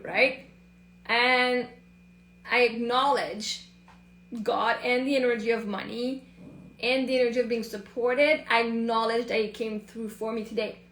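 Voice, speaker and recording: A woman's voice: on the high side, a bit bright, echoey room. A woman hosting a casual live stream, rambling and often acting out her own inner thoughts.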